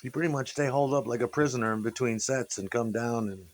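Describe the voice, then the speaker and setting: Talking at a quick pace in a medium-pitched voice, a musician spins profane, rambling tales of past gigs. He becomes animated when he imitates what others said in this casual monologue.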